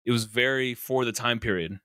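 A man co-hosting a casual movie podcast, relaxed and playful. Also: mid-range voice, brisk, clear, resonant tone, no room sound, clean studio sound. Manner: casual, playful, acts out quotes. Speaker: podcast co-host.

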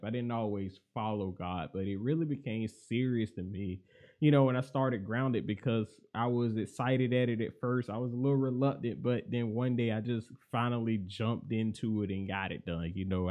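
Low-voiced man giving a steady faith talk. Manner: mostly even and monotone, livening up when excited. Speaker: podcast host and life coach. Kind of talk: reflective faith podcast monologue.

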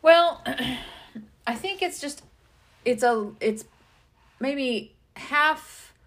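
Slow-talking woman coach thinking aloud. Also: sits high, expressive, fairly bright tone. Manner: unhurried, thinking aloud with pauses and stammers. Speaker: podcast co-host, business coach. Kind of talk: casual business chat.

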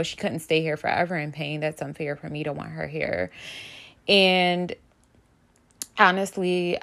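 A woman's voice: low voice, vocal fry. A young woman talking straight to her viewers about a painful loss, earnest and emotional, holding back tears. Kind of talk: personal vlog about grief.

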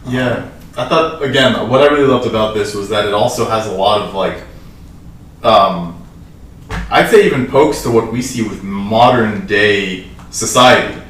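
A man's voice: lowish voice, moderate pace, a bit bright. A man giving his take on a film in casual talk, opinionated and full of "like" and "right?". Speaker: film podcast co-host. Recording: echoey room, far mic, faint hiss.

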